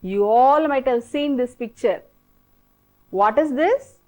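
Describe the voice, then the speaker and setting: A woman teacher with an Indian English accent, slowly drilling children through an English lesson with repeated prompts. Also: sits high, expressive, dark tone, low-quality recording. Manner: slow, repetitive, coaxing drill-style prompting. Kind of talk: televised classroom English lesson.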